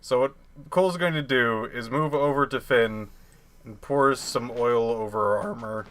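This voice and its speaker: A man's voice: mid-range voice, measured pace, fairly bright tone, a little hiss or hum. A man playing a tabletop game, playful and laughing often. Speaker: player. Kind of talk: casual tabletop game play.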